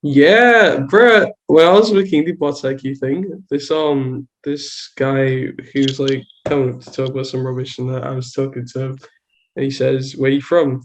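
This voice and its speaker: Young man, Trinidadian accent, casual podcast chat, animated storytelling, medium pitch. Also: moderate pace. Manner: animated storytelling, lots of filler "like". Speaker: podcast host.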